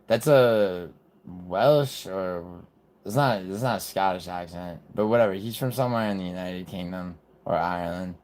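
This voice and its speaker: A man's voice: sits low, moderate pace, darkish tone. A man commenting bluntly and profanely while reacting to videos on a live stream.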